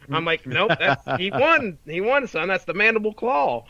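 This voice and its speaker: A man's voice: high-pitched, very animated, normal speed, sharp tone, dry recording, dull audio. A man in his thirties co-hosting a podcast in casual chat, rambling with restarts and frequent laughter. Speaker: podcast co-host.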